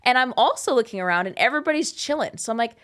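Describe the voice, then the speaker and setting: Animated, candid woman in her thirties. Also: on the high side, very fast. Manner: animated, candid and profane, with many "like" fillers. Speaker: host. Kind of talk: casual storytelling.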